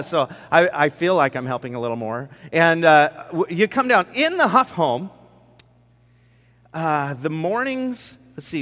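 Addressing students, a man tells humorous stories in a conversational way, making fun of himself and adding joking asides. His voice is a little high and a bit bright, with a long reverb tail.

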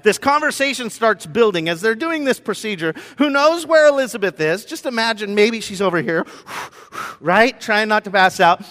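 Animated male pastor in a reverberant hall. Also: high-pitched, normal speed. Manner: animated, acts out quotes, frequent fillers and restarts. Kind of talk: conversational sermon.

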